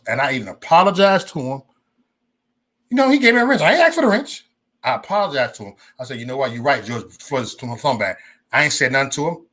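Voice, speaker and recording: A man's voice: mid-range voice, a bit bright. A man hosting a casual livestream, talking straight to his chat in a loose, rambling and profane way. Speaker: livestream host.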